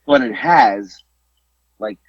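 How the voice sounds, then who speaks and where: A man co-hosting a casual podcast, telling stories with lively exclamations and some swearing. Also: medium pitch, slow, breathy edge, dry recording. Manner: animated storytelling, swearing, exclamations. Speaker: podcast co-host. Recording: dull lo-fi dry podcast audio.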